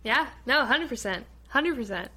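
A young woman co-hosting a casual book-review podcast, animated and laughing often as she retells favorite scenes. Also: on the high side, normal speed, husky. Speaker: podcast co-host.

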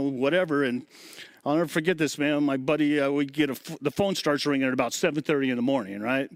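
A middle-aged man in a relaxed interview, his voice sitting a little high for a man. He spins his stories with animation, slipping into the voices of the people he quotes. The recording is close and dry. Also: dry recording. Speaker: guest, former drum tech. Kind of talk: casual storytelling interview.

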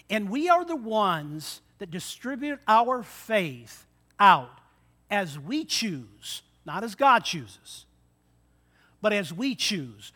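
A male pastor preaching a sermon, acting out the story in lively retellings and asking the congregation rhetorical questions. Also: high-pitched. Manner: dramatic retellings with shifting loudness.

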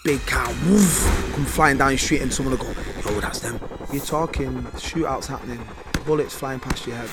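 A man, telling his life story as an interview guest. His pitch stays flat and level while his words stay streetwise and vivid, punctuated with mimicked gunshots and engine noises. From Manchester, England.

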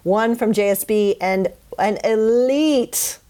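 A woman in a middle, ordinary pitch who co-hosts a casual podcast. She talks in an upbeat, chatty way and swears freely. She reads the sign-off like a regular host. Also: slow pace, mellow.

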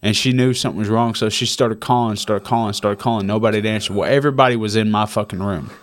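A man's voice: fairly low pitch, fairly even intonation, quick pace. A man, maybe in his thirties, telling a personal story in casual conversation. He swears and repeats himself for emphasis. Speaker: guest.

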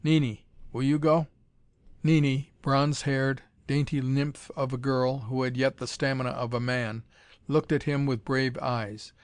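A man's voice: mid-range voice, little pitch movement, unhurried, smooth, no room sound. Man narrating in a dry close read. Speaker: audiobook narrator. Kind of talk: scripted narration.

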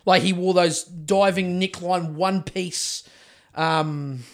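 Speaking slowly and with a steady tone, this high-pitched man has a fairly bright sound and a New Zealand accent. As a podcast co-host in loose conversation, he wanders through his stories, swearing all the way.

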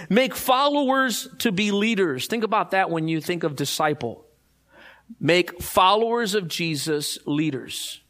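A man's voice: a little high, fairly bright tone. Chatty, emphatic male pastor. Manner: conversational preaching with many fillers and restarts, rising to emphatic points. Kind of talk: sermon.

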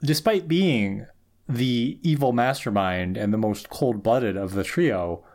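A man's voice: mid-range voice, expressive, slow, a little mellow. A man co-hosting a podcast, casually analysing characters and thinking aloud with restarts. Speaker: podcast co-host.

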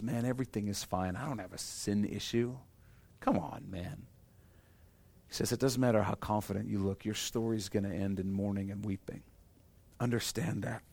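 A man preaching a sermon as pastor, earnest and emphatic, dropping to a quiet intensity on heavy points. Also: lowish voice, no room sound. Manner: earnest preaching, stresses key lines, drops to soft intensity.

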